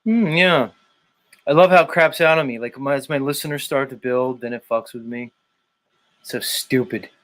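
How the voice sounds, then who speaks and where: At a normal speed and in a medium-pitched, slightly bright voice, a man hosts a livestream show, talking loosely and profanely to his guests and the chat.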